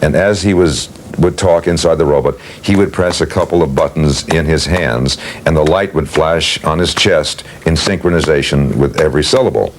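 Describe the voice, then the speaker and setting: Very deep-voiced older man telling stories. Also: normal speed, hardly any pauses, a little hiss or hum. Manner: leisurely anecdotal telling, acts out quotes. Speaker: interviewee recalling work as a voice actor. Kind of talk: storytelling interview.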